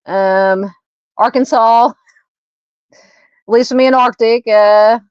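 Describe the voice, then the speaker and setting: A woman's voice: a little high, steady tone, slow, smooth, dry recording. A Southern woman hosting a true crime livestream, talking loosely and casually with lots of fillers. She is recorded dry and close, on a slightly muffled, dull-sounding mic. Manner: chatty, warm to viewers, frequent fillers and laughs. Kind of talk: casual livestream chat reading comments.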